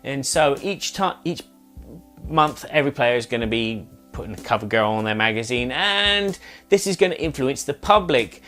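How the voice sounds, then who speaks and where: A man's voice: medium pitch, expressive, moderate pace, pushed and bright, faint music behind. A man hosting a casual board game review video, explaining rules in a chatty, rambling way with fillers and self-corrections. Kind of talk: casual monthly review chat.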